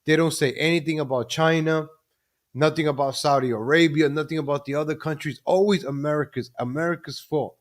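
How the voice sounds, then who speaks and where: Man, live stream host, ranting commentary, fairly high voice. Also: steady tone, brisk. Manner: ranting, repeats ladies and gentlemen.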